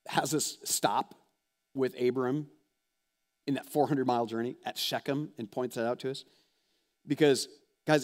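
Conversational male pastor preaching a sermon. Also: a little high. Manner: conversational, animated, asks the audience direct questions.

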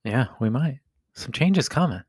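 A man's voice: mid-range voice, expressive, a little slow, slightly rough, no echo, clean studio sound. A middle-aged man co-hosting a casual family podcast with his young daughter, playful and joking, laughing often. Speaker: podcast co-host, father.

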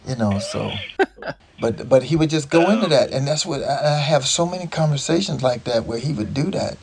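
A man's voice: mid-range voice, fairly quick, gravelly, husky. A man, the guest, telling casual, rambling stories and often tossing in "man" and "like.". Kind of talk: casual storytelling.

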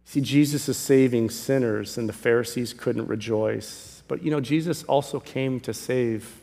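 A male pastor preaching a sermon, emphatic, swinging from loud calls to hushed pleas. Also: medium pitch, a little slow, vocal fry, hardly any pauses. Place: church sanctuary. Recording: long reverb of a large hall.

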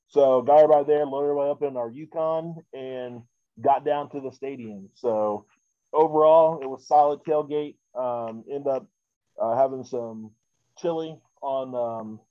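A man's voice: mid-range voice, dry recording, muffled recording. Rambling man hosting a casual podcast. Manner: rambling, many fillers and restarts. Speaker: podcast host.

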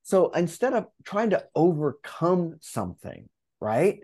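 A man who coaches and speaks in public, telling a story as an interview guest, animated and acting out his inner voice, with many restarts. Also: fairly high pitch, unhurried, breathy edge. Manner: animated, acts out inner dialogue.

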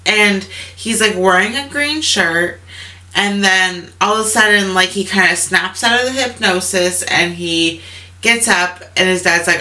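Bright-voiced woman retelling a story. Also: medium pitch, unhurried. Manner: chatty, many "like" fillers, animated quoting. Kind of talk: casual plot retelling.

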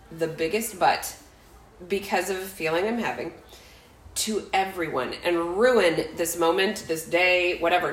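A woman's voice: fairly low pitch, pushed and bright, roomy sound, low-quality recording. A woman in her forties co-hosting a podcast, telling a story in a rambling, self-interrupting way with frequent laughs. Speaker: podcast co-host. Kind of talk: casual chat, storytelling.

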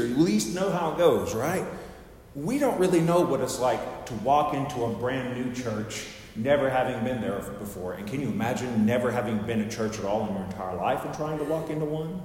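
A man preaching a sermon as pastor, in a folksy, joking, conversational manner. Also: a little high. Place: church sanctuary. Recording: very echoey hall with long reverb.

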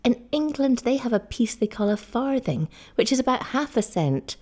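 A woman's voice: on the high side, expressive, normal speed, a little mellow, pitched above the performer's own voice. A woman reading the part of a loving, devoted young island wife in an earnest, pleading voice.

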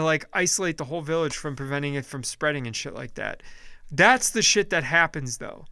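Profane, bright-voiced man ranting. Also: fairly high pitch, no echo. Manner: blunt, profane, exasperated, restarts mid-sentence. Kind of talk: profane casual rant.

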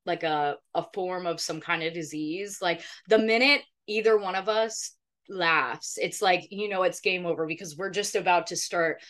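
A woman's voice: on the low side, moderate pace, a bit bright. A young woman co-hosting a casual podcast, telling stories animatedly with swearing and playful voice impressions. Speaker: podcast co-host. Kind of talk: casual chat.

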